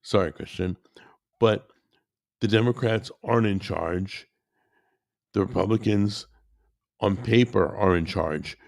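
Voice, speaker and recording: Worked-up man ranting, gravelly and low. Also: slow, pauses often, no room sound, clean studio sound. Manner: worked up, repetitive, addresses listeners as guys. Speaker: commentator. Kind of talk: heated political rant.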